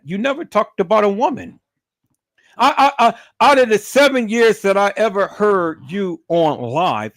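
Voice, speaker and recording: Guy ranting live on stream, high voice all over the place, cussing, keeps tripping on his words. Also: no echo, clean studio sound. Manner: profane, repeats words and restarts when worked up. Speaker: livestreamer.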